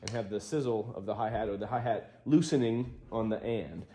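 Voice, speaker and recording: A relaxed drum teacher with a lowish voice speaks a little quickly, counting beats out loud as he plays through a casual lesson. Loud music sits behind him in a roomy studio full of loud drums.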